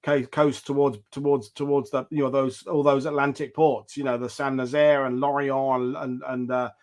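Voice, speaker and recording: A man hosting a history show, telling war anecdotes in an animated, rambling way with many restarts over a video call. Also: mid-range voice, moderate pace. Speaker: host. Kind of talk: casual storytelling chat.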